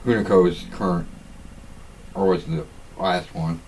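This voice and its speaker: A man's voice: low-pitched, steady tone, darkish tone, a little hiss or hum, rough recording. A man co-hosting a casual chat podcast, often stumbling and repeating words as he gets going. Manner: halting, repeats words while getting going. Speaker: podcast co-host.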